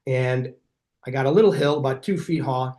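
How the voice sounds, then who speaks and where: Middle-aged male chiropractor, podcast guest, mid-range voice, lively storyteller who plays out the dialogue. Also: mid-range voice, normal speed. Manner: energetic, animated storyteller who acts out quoted dialogue.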